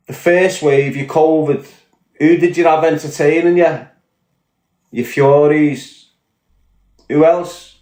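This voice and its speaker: A man's voice: fairly high pitch, a little mellow. Profane Scouse man ranting, roomy sound. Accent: Liverpool Scouse. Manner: blunt, profane, emphatic. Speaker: podcast guest. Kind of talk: podcast rant. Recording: echoey room.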